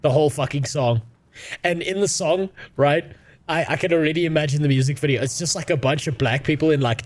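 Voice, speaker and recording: A young man streaming a game, talking in crude, sarcastic, laughing rants. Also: on the high side. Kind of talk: casual gaming stream chat.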